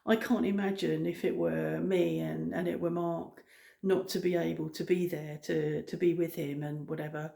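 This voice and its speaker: Gravelly low-voiced woman chatting. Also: level tone, moderate pace, roomy sound. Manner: rambling, frequent ums, soft-spoken. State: out of breath. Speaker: vlogger. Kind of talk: casual chat.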